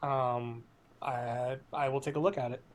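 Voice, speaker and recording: A man speaking as a player in a tabletop game, talking in a halting, hesitant way. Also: medium pitch, fairly even intonation.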